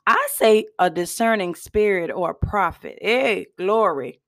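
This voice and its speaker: A woman hosting a casual motivational talk in a folksy, chatty way, often clearing her throat and coughing. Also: mid-range voice, normal speed, a bit bright. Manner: chatty, folksy, addresses listeners as y'all. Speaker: host.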